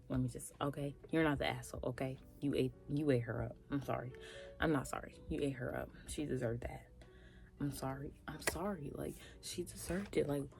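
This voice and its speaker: A young woman with a low, warm voice reacts in animated, casual commentary, talking straight to her viewers. She often drops into breathy half-whispered asides, with faint music playing underneath. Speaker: reaction vlogger.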